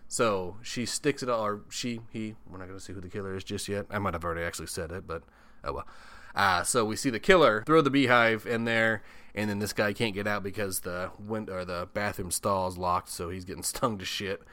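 A man's voice: fairly low pitch, brisk, bright, forceful tone, no room sound. A man casually recapping a horror film, swearing often, chuckling and tossing in comic asides. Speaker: podcast host.

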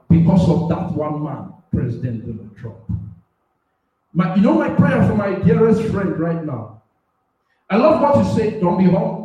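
High-voiced preacher man, echoey and distant. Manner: swings between loud shouting and soft asides, laughs often. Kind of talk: sermon. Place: radio platform.

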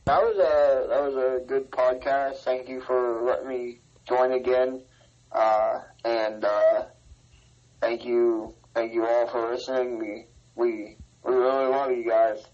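A man's voice: medium pitch, fairly even intonation, takes it slowly, a little mellow, dull audio. A man co-hosting a podcast in casual chat, hesitant and repeating his words. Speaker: podcast co-host.

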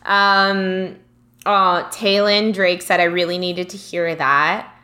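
Young woman podcast co-host, bright and animated, reads listener comments. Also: fairly low pitch, takes it slowly. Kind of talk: casual spiritual chat.

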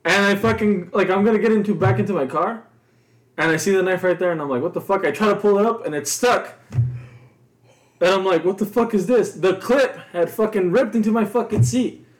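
A man's voice: high voice, normal speed. A man telling a story in casual chat, swearing constantly as he goes. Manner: profane animated storyteller. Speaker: podcast co-host. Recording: echoey room.

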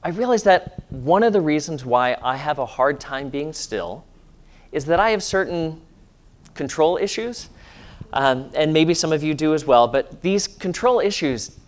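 A man, a pastor, giving a sermon in a church and leading a calm guided meditation in a soft, hushed voice. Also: fairly high pitch. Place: church sanctuary.

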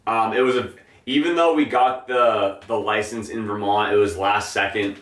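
A young man, a hemp grower, chatting casually as a guest in an interview, relaxed and rambling with lots of fillers. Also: lowish voice, normal speed. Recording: echoey room, distant mic.

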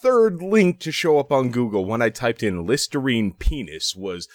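A man's voice: medium pitch, big pitch swings, moderate pace, dry recording, clean studio sound. A man from Canada chatting playfully on a podcast. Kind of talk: casual chat.

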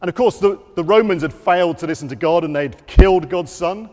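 A man with a fairly high voice gives an all-age talk in a church, speaking through a microphone. He tells the story to children in a lively way and acts out the quotes. His voice rings out with a long echo off the hall. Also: fairly quick. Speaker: preacher. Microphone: wearing a microphone.

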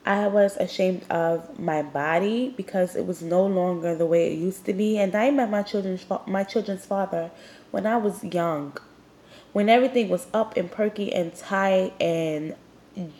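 A woman's voice: mid-range voice, mellow. A young woman hosting a podcast, talking candidly and rambling with lots of "like" fillers, a little congested and sniffling. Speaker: podcast host. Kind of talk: personal confessional monologue.

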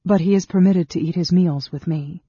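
A woman's voice: lowish voice, moderate pace, warm tone, slightly rough, dry recording, muffled recording, voice pushed up. A narrator voicing Sarah, a tense, earnest woman who speaks with urgency. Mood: urgent.

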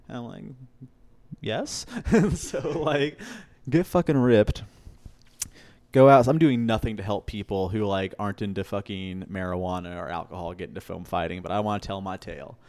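A young man co-hosting a podcast, telling a long, rambling, profane story and acting out the quotes. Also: fairly low pitch. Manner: profane, rambling, animated anecdotes with acted-out quotes. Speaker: podcast co-host. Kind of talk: casual storytelling.

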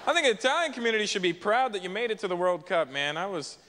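A young man performing a punchy, lively stand-up set on a festival stage. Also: high voice, quick pace. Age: young adult. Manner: lively, punchy, jumps into voices. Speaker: stand-up comedian. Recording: echoey hall, light hiss.

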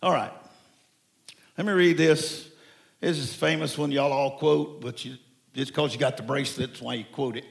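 Gravelly old preacher man from Mexico. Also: mid-range voice, normal speed, pauses often. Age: 70s. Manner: folksy, animated storytelling with bursts of shouting. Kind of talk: sermon.

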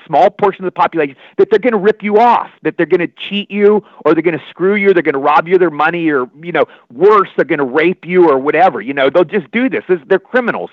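An older man from Maryland spins rambling, digressive stories as an interview guest. His voice sits high and rushes along at a quick pace. The sound is dry and slightly muffled. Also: dry recording. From Maryland, USA. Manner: animated, rambling, digressive, repeats himself. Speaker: guest actor. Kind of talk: anecdotal storytelling. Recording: dull lo-fi sound.

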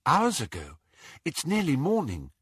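A man's voice: on the high side, huge pitch swings, a little slow, breathy edge, dry recording, studio quality, heavily acted. A man voicing a worried, earnest teenage girl, a young witch.

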